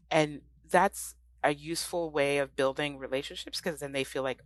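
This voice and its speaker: A woman guest on a podcast interview, talking in a thoughtful, relaxed way with many fillers and restarts. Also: sits low, fairly quick, hardly any pauses, no room sound. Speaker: guest, ranked choice voting advocate.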